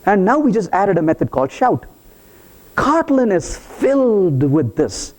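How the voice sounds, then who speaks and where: A man's voice: high voice, big pitch swings, measured pace. A man giving a live technical conference talk, playful and teasing with the audience as he walks through code. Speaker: conference speaker. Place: conference hall.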